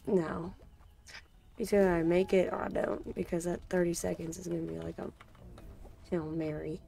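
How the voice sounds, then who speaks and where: A woman's voice: lowish voice, little pitch movement, normal speed, vocal fry, mellow. A woman streaming a game, muttering to herself in casual chatter and breaking into sudden frustrated outbursts.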